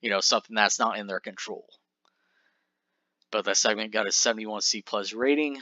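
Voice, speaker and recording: A man's voice: lowish voice, a little fast, pushed and bright, no echo. A man casually recapping a wrestling simulation game with rambling fillers, recorded on a desk mic in a dull, dry sound. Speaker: game commentator.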